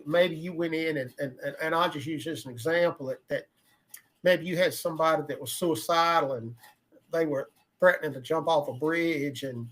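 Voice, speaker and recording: Older guy, bit high voice, rambles and repeats himself, chatty. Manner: rambling, repeats words while thinking aloud. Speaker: podcast co-host, emergency medical veteran. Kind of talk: casual conversation.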